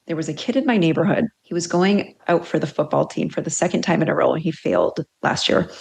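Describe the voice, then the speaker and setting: A woman's voice: low-pitched, vocal fry, breathy edge. A middle-aged woman career coach on a podcast, telling stories animatedly and acting out quotes. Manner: animated storytelling with acted-out quotes. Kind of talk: podcast interview, telling a story.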